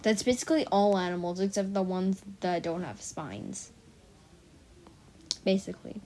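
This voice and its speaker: A woman's voice: mid-range voice, moderate pace, dark tone, a little hiss or hum. A teenage girl rambling casually to her viewers in a silly, chatty vlog, full of "like" and tangents. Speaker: vlogger.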